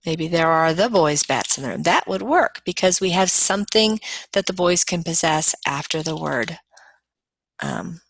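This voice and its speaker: A woman's voice: on the low side, animated, normal speed. A woman lecturer patiently walking through grammar examples step by step in a recorded lesson. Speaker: college lecturer.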